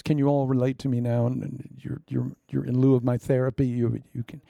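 A man's voice: medium pitch, little pitch movement, a little fast, gravelly, hardly any pauses, mellow, dry recording, clean studio sound. A middle-aged man preaching a sermon as pastor, conversational and joking, with laughing asides.

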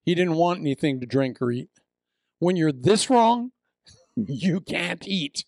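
An older man from Iowa preaching a sermon, telling the story with lively acted-out voices and asides. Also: a little high, takes it slowly, gravelly, dry recording, clean studio sound. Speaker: pastor.

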